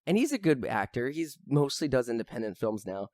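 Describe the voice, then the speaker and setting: A man's voice: medium pitch, sing-song, a little fast, darkish tone, no echo, clean studio sound. A young man chatting on a podcast, rambling with lots of fillers and now and then swearing as he gets worked up. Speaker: podcast host. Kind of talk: casual chat.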